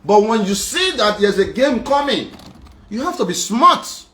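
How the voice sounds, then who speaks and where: Guy ranting on a live show, higher voice, keeps repeating himself, roomy echo. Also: sing-song, a little slow, fairly bright tone. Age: young adult. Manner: insistent and repetitive, emphatic. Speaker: guest speaking on a live show. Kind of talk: emotional personal monologue.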